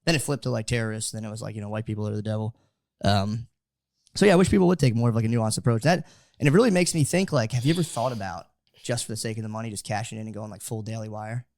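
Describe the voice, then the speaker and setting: A man's voice: fairly low pitch, fast talker, gravelly, darkish tone, no echo, clean studio sound. A man co-hosting a podcast in casual chat, rambling with many fillers and restarts. He says he grew up in a suburb in the United States. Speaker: podcast co-host.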